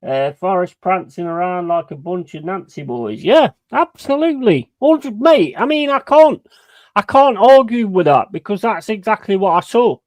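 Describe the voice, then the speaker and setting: A man's voice: sits high, lively intonation, normal speed, dry recording. A man doing live watch-along commentary of a football match, ranting, swearing heavily and chatting to his viewers. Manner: heavy swearing, ranting and frustrated; banters with chat and gives shout-outs.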